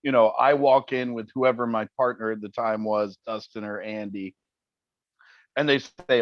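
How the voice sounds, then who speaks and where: A man who is a guest on a podcast, telling wry stories in a casual, animated way. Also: on the low side, moderate pace, dry recording, highs cut off. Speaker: interview guest, TV paranormal investigator. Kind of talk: casual interview chat.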